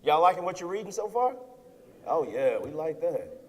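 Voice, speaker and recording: A man in his thirties giving an energetic motivational keynote to students, often checking in with "right?". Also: a little high, normal speed. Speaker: keynote speaker. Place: lecture hall with audience. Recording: long hall reverb.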